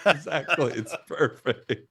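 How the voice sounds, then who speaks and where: A man's voice: fairly high pitch, slow pace, sharp tone, husky, no echo. A man co-hosting a casual podcast, reacting with laughs and enthusiasm. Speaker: podcast co-host. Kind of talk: casual chat.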